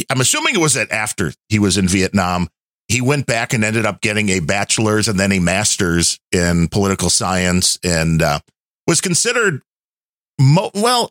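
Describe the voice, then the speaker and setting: A man's voice: fairly low pitch, a bit bright, no room sound, clean studio sound. A man hosting a podcast, chatting in a rambling, conversational way. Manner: rambling, conversational, many fillers. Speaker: podcast host. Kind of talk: casual chat.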